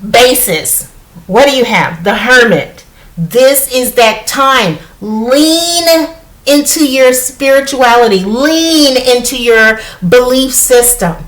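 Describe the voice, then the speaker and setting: A middle-aged woman from the United States talks her viewers through a tarot spread in a relaxed, chatty way. Her voice sits a little high, and she keeps checking in with a quick "okay?" as she goes. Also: low-quality recording. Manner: chatty, repeats "okay?" often, animated. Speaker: tarot reader. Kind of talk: casual spiritual tarot reading.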